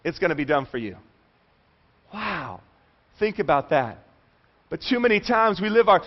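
A man preaching a sermon to a congregation, telling stories with animated asides and call-and-response questions to the room. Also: sits high, moderate pace, long pauses, lo-fi sound. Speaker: pastor. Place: church service before a congregation.

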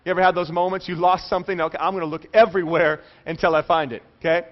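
A man with a high-pitched voice preaches a sermon to his congregation. He tells stories with animated energy and keeps turning to the room with call-and-response questions. The recording sounds muffled and lo-fi. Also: very fast. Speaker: pastor. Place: church service before a congregation.

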